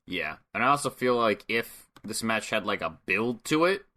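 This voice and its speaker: Laid-back man with a lowish, bright voice. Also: big pitch swings, normal speed. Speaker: podcast co-host. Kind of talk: casual chat.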